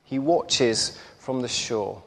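A man preaching, telling a parable in an unhurried storytelling manner with small repetitions. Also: mid-range voice. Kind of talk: sermon storytelling. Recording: echoey hall reverb.

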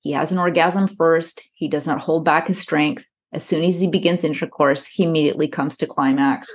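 Woman co-host, lowish voice, casual podcast reader who giggles through passages. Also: fairly even intonation, brisk, husky. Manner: reads aloud while breaking into giggles. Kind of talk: casual podcast chat, reading historical text aloud.

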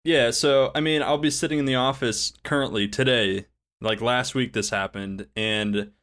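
A young man co-hosting a podcast in casual chat, animated and given to loud outbursts. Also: mid-range voice, moderate pace. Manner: animated, jumps into loud exclamations. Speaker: podcast co-host.

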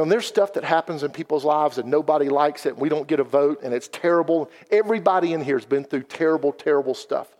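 A man, giving an earnest, folksy personal testimony as a guest speaker in a church. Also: a little high. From South Carolina. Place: church sanctuary. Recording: long hall reverb.

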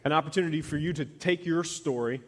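A man in his thirties preaching a conversational sermon as a pastor, often dropping to a soft, quiet voice. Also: a little high, fast talker, long reverb tail.

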